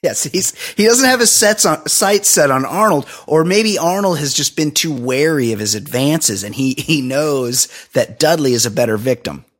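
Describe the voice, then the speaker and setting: A man's voice: on the high side, animated, normal speed, few pauses, fairly bright tone. A man co-hosting a podcast in casual chat, blunt and joking. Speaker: podcast co-host.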